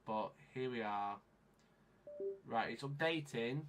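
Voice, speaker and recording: A man's voice: medium pitch, slow pace. A man live-streaming, frantic and swearing as he mutters to himself, recorded on an onboard camera microphone. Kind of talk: livestream chat.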